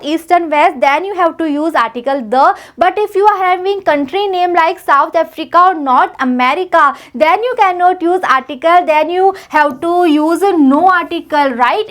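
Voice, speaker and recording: A woman with an Indian accent teaching a grammar lesson, switching between English and Hindi and checking in with "right?". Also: high voice. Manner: explains in English mixed with Hindi, repeats "right?" and "you know".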